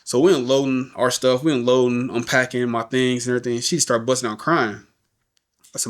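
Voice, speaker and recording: A man's voice: mid-range voice, flat delivery, brisk. An adult man, a podcast guest, candidly telling his life story in a loose, casual way, often repeating words and asking "you know what I'm saying.".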